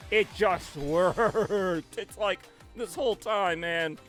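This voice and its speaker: A man chats into his headset during a home live stream, his voice sitting high. He rambles in an animated way, and everything he says comes out sounding a little angry even when he is happy. Faint music plays underneath. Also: slow. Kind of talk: casual live-stream chat.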